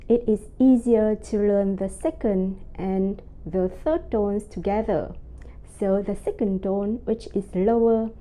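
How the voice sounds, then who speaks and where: A woman teaching a pronunciation lesson, speaking slowly and carefully and drawing out her example syllables. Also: medium pitch, mellow. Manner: slow, careful enunciation with drawn-out example syllables. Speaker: language teacher. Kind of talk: slow, deliberate pronunciation lesson.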